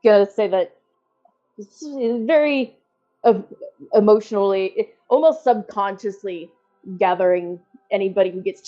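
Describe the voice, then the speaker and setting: A woman playing a tabletop game in casual chat, talking haltingly and laughing often. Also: medium pitch, darkish tone, lo-fi sound. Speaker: tabletop player.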